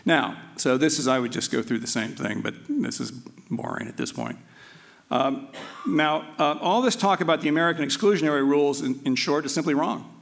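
Halting male law lecturer. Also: on the high side, vocal fry. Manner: halting, with frequent restarts and filler words; aside-prone and conversational. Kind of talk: academic lecture.

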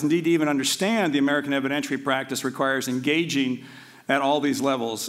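A man's voice: medium pitch, a bit bright. Male law lecturer, academic talk, hesitant with frequent fillers, chatty asides. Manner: halting, with frequent restarts and filler words; aside-prone and conversational.

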